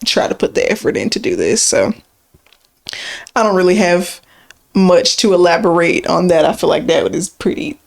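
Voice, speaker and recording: A woman co-hosting a podcast speaks in a lowish, gravelly voice with big pitch swings at a moderate pace. In casual conversation, she talks through points in an explaining way, using frequent fillers.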